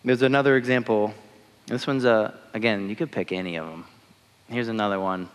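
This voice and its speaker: Casual young preacher in an echoing hall. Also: male voice, lowish voice, fairly even intonation, brisk, clean tone. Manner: conversational, uses many fillers like "like" and "you know". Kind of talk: casual sermon. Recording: long hall reverb.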